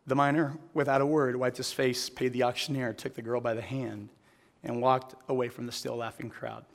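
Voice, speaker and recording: A man's voice: mid-range voice, level tone, normal speed, gravelly. A man preaching a sermon to a live audience, telling a story and then asking the audience earnest direct questions. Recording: long hall reverb.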